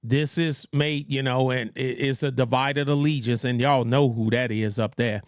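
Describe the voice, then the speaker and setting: A man's voice: mid-range voice, steady tone, normal speed, no echo, studio quality. A man hosting a casual livestream, rambling with blunt, trash-talking asides. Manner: mocks others in put-on voices. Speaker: livestream host.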